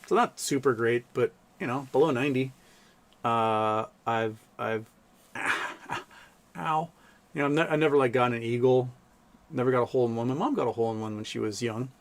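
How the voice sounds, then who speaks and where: A man in his thirties hosting a livestream, telling rambling stories in a casual chat with lots of fillers. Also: mid-range voice. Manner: rambling storytelling with many fillers. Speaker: livestream host.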